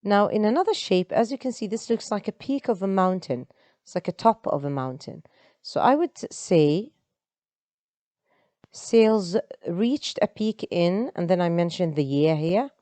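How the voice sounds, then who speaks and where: A woman's voice: on the low side, animated, moderate pace, dark tone, no echo. A woman, an English teacher explaining step by step in an online lesson. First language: Arabic.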